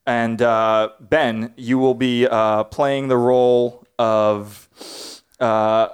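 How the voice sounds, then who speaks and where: A man reads stage directions for his podcast's comedy bit, stumbling and pausing with frequent fillers. His delivery is casual and unpolished, slowing as he reads. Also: medium pitch, flat delivery, clear, resonant tone. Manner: halting, many uhs, slowing to read. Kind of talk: casual comedy podcast, reading a script aloud.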